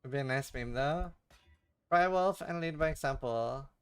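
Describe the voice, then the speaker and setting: Smooth-voiced man streaming a game. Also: mid-range voice, moderate pace, no echo, clean studio sound. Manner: swears and stammers, mutters to himself. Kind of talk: casual livestream chat while gaming.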